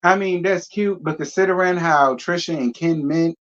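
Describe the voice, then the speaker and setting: A man with a fairly high voice hosts a casual reaction commentary. He talks bluntly, rambles and swears freely. The audio is dull and lo-fi. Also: normal speed, fairly bright tone. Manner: blunt, rambling, profane, with slang. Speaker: commentary host.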